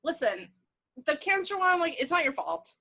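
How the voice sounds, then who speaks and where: Bright, teasing woman co-host. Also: extremely high pitch, big pitch swings. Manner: teasing, reacts with gasps and quick jokes. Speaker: podcast co-host. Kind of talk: casual chat.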